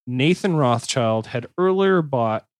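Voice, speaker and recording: A man's voice: mid-range voice, animated, slow, smooth, no echo, studio quality. A man hosting a podcast, chatting loosely and reading notes aloud with frequent restarts and jokes. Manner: rambling, joking, self-correcting restarts. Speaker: podcast host.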